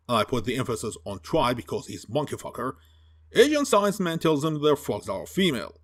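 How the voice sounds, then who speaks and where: A man's voice: mid-range voice, sing-song, brisk, fairly bright tone. A man giving a sarcastic, profane film review rant, mocking and exasperated as he picks apart the plot. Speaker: movie reviewer.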